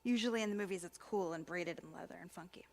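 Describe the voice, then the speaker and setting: A woman, a spiritual practitioner, giving an inspirational sermon in a conversational, expressive way with repeated emphasis. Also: fairly low pitch, fast talker. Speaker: spiritual practitioner and ministry student speaker.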